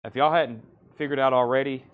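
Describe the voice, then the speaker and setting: A man from Tennessee with a Southern accent, hosting a live record sale and briskly calling out titles, prices and buyers. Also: mid-range voice, fairly even intonation, smooth, phone-quality sound. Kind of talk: live-stream sales patter.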